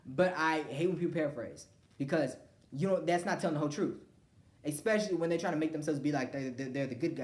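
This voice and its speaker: A woman's voice: sits low, expressive, fast talker, darkish tone, echoey room. A woman ranting casually to camera, blunt and profane, acting out what other people said. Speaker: vlogger.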